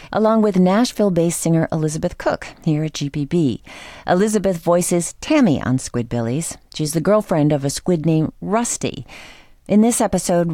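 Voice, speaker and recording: A woman radio host giving scripted, measured narration. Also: on the low side, warm tone, no echo, studio quality. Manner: measured, clear.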